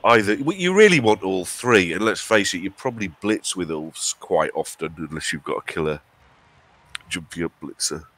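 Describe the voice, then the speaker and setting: A man's voice: sits low, animated, moderate pace, a bit bright. A man from England with a cold, co-hosting a live stream in casual, jokey banter. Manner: chatty, banter with jokey asides. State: has a cold. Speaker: stream co-host.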